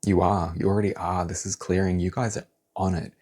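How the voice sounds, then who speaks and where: A man doing a pick-a-card tarot reading, talking in a blunt, animated, casual way and swearing now and then. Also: low-pitched, fairly quick.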